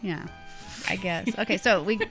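Faint music sits behind her mid-range, fairly bright voice, which moves at normal speed. The middle-aged American podcast co-host tells a travel story in a rambling, chatty manner, with frequent laughter in the casual chat.

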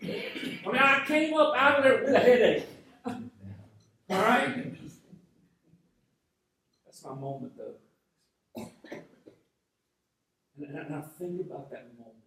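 A man's voice: sits high, expressive, slow pace, gravelly, long pauses, bright, forceful tone. A male pastor telling a personal story in a conversational sermon, often restarting his phrases, from North Georgia. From North Georgia, USA. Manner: conversational storytelling with frequent repeated starts. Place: large church sanctuary. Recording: very echoey hall, voice from a distance.

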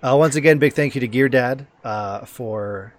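A man's voice: medium pitch, moderate pace, dry recording. A man hosting a podcast in a casual chat, joking and teasing, trailing off and restarting. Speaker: podcast host.

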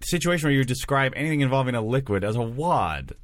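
A man's voice: medium pitch, expressive, quick pace, no echo. A man co-hosting a comedy podcast, chiming in with eager agreement. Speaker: podcast co-host. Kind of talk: casual comedy chat.

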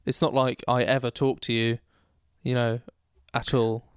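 A man co-hosting a podcast who jokes in a dry, deadpan way. His voice is smooth and clear. It is recorded close and dry, with no room sound. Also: medium pitch, normal speed, dry recording. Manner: deadpan joking, teasing. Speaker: podcast co-host, musician. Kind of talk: casual podcast chat. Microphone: remote recording, close mic.

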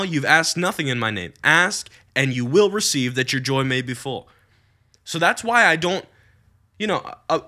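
A man's voice: on the high side, bright, forceful tone. A man preaching earnestly to young people about prayer, with emphatic bursts. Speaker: youth preacher. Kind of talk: teaching on prayer.

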